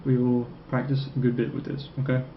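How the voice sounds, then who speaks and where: A man teaching a French grammar lesson, who keeps checking in with "okay?" and repeats French phrases slowly. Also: mid-range voice, monotone. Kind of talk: recorded classroom lecture. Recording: echoey room, dull lo-fi sound, faint noise.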